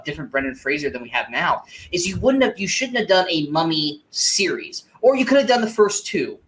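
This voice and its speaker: A man's voice: on the high side, a bit bright, slight background noise. Ranting, profane male movie podcaster. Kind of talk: casual movie review chat.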